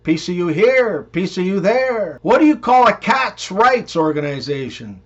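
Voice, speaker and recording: A man reading one-liners and joke stories in an even, unhurried way. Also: high-pitched. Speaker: joke narrator. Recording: dull, muffled recording.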